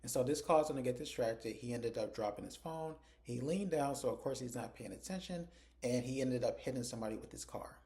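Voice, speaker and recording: Male reviewer with a warm, mellow voice at a mid pitch. He gives a chatty, conversational episode recap and acts out the characters' dialogue. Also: fairly quick, gravelly. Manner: retells scenes conversationally, acting out characters' lines. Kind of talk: casual spoken episode recap.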